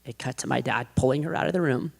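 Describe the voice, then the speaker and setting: A man giving a personal faith testimony to an audience, rambling and restarting, his voice dropping low and hushed in heavy moments. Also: fast, creaky. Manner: rambling, self-described chaotic, with many restarts.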